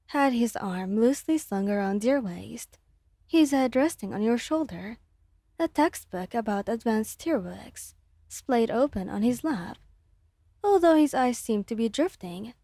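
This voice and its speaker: Soft-spoken woman reading a story. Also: a little high, dry recording, clean studio sound. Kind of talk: ASMR story narration.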